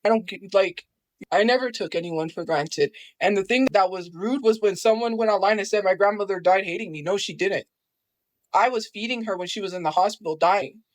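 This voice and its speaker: A woman's voice: mid-range voice, fairly quick, dry recording. A woman from New Mexico talking on a livestream, aggrieved and defensive as she recounts family matters. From Albuquerque, New Mexico. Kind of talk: livestream monologue.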